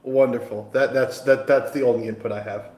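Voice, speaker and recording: A man's voice: mid-range voice, fairly even intonation, fairly quick, a little mellow. A man chatting in an online game session, stumbling and restarting his sentences. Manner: stammering, many restarts. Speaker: player in an online bridge-crew game. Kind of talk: casual voice chat. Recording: roomy echo on voice chat.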